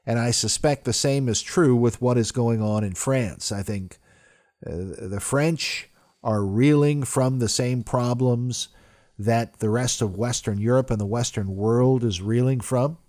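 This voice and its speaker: A man's voice: mid-range voice, measured pace. A man delivering a political commentary monologue in an emphatic way. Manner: emphatic, rising loudly when quoting.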